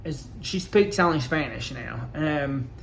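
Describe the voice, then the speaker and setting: Man, fairly high voice, rambling and aggrieved, lots of halting fillers; personal vlog. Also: lively intonation, vocal fry, slight background noise. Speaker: vlogger. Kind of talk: casual personal storytelling.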